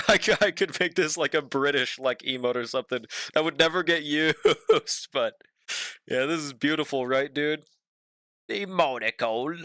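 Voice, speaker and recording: A man's voice: on the high side, normal speed, bright, forceful tone, dry recording, clean studio sound. A young man streaming as he draws, chatting casually with viewers and swearing freely. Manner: laid-back, swears often, talks to chat. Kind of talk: casual stream chat while drawing.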